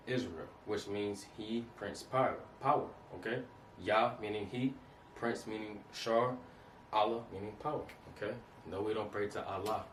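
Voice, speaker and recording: A man explaining a lesson in a casual way, stopping often to ask whether his listeners follow. His voice sits at an ordinary pitch and sounds a bit away from the mic. The room is echoey, with a faint hiss of noise behind him. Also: recorded from a distance. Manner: repeats points, checks in with "okay?" and "you understand that?". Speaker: teacher. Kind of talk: casual instructional talk.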